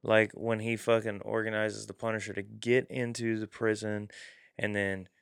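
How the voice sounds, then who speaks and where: Gravelly, smooth-voiced man in casual chat. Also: on the low side, no echo, clean studio sound. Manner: animated, profane, quick to laugh.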